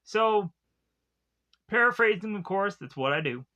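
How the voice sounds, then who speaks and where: A man talks through a cartoon episode, rambling and loose, with filler words in nearly every sentence. His voice sits a little high and sounds bright and forward. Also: animated, measured pace, muffled recording. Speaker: cartoon reviewer. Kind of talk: casual episode recap.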